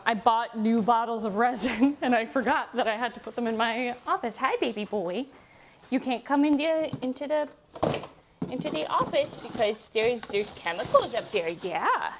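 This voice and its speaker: A bubbly, playful woman streams from home, her voice sitting a little high. She chats loosely on a wireless mic, swearing now and then, with a faint steady hum underneath. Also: low-quality recording. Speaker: streamer and voice actress. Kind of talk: casual live-stream chat. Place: home, in a pouring tent and around the house. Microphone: wireless mic on a receiver.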